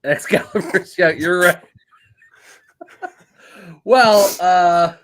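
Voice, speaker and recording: A man's voice: high-pitched, drawn-out words, a bit bright. A man co-hosting a wrestling podcast in casual chat, joking around and laughing often. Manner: jokey, laughs often, chatty. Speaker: podcast co-host.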